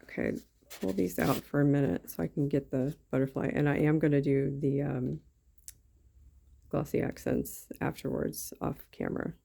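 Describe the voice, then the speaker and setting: A woman with a twang talks her viewers through a craft project, rambling and thinking aloud as she goes. Her voice sits low, with a gravelly fry and a dark, mellow tone. She sounds like she is recording at her craft table at home on a camera mic. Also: animated, normal speed. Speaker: craft YouTuber. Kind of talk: casual craft-along chat.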